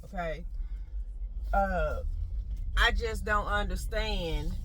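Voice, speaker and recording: A woman, vlogging in a blunt, profane, animated rant. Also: mid-range voice, extremely slow, a little hiss or hum, poor audio. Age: 40s. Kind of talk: casual ranting chat.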